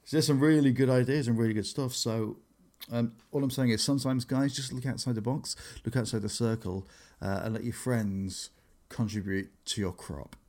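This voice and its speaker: Chatty comedian telling anecdotes. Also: male voice, mid-range voice, moderate pace. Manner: animated storytelling, acts out quotes. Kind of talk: casual podcast chat.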